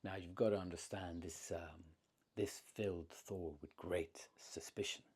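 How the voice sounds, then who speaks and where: A man telling an old myth aloud, unscripted, dropping to a hush at tense moments. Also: sits low, fairly even intonation, a little slow, breathy edge. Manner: unscripted, drops to a hushed tone for tension. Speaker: storyteller. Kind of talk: oral myth storytelling.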